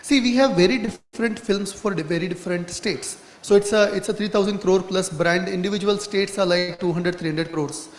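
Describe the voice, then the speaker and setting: High-voiced man in an echoey hall. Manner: quick explanatory talk, mixing in Hindi phrases. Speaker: brand marketer on a panel. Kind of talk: conference panel discussion. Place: conference hall. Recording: echoey hall with faint noise.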